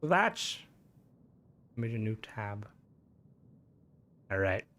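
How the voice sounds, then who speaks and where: A man's voice: lowish voice, sing-song, drawn-out words, pushed and bright, slight background noise. A young Irish man chatting casually on a game stream, rambling, swearing freely and answering chat.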